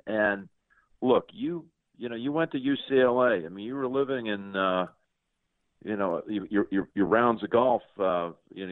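A man in his sixties hosts a relaxed interview in a very low voice, gushing and often repeating words as he stumbles ahead. The sound is tinny and narrow, like a phone line, and completely dry with no room around it. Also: no echo. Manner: effusive, stammers and repeats words. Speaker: host. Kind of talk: conversational interview.

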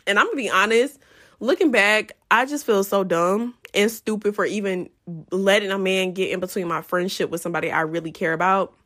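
A young adult woman telling a story to her viewers in a casual, profane, animated way, often breaking into laughs. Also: medium pitch, brisk.

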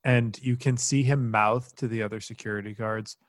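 A man's voice: lowish voice, fairly even intonation, moderate pace, no room sound, studio quality. A young man running a tabletop role-playing game as game master, narrating with playful relish.

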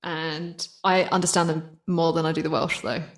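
A woman's voice: deep voice, level tone, moderate pace. A young woman from the South of England with a Southern English accent, chatting casually as a podcast guest and laughing often. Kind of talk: casual chat.

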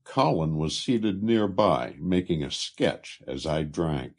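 Slow, husky male audiobook narrator. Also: sits low. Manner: unhurried, expressive reading with lifts for quoted speech. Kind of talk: scripted narration.

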